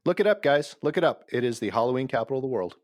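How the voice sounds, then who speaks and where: Podcast co-host: Minnesota-raised man, teasing and playful, mid pitch, dry mic. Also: expressive, racing, dry recording. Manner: playful, teasing, self-deprecating. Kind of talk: casual chat.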